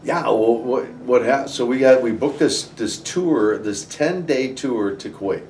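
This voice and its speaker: Man guest, animated storyteller with frequent restarts, recorded roomy and a bit distant. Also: medium pitch, unhurried, a little hiss or hum. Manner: animated, many restarts and "you know"s. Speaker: interview guest, former wrestler. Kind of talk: conversational storytelling. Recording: roomy, somewhat distant from the mic.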